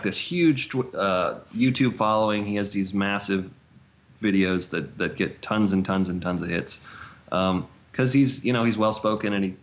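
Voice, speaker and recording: Low guy cohosting a podcast, keeps restarting, kinda dull lo-fi sound. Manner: halting, many restarts and fillers. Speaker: podcast co-host. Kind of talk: casual podcast chat.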